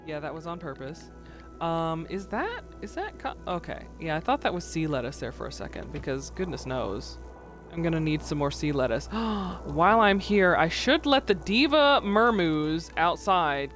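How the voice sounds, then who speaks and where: A woman's voice: on the low side, very animated, moderate pace, soft background music. A woman streamer giving chatty, playful commentary while playing a farming game, humming and singing little tunes to herself, at a desk mic. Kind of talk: let's play commentary.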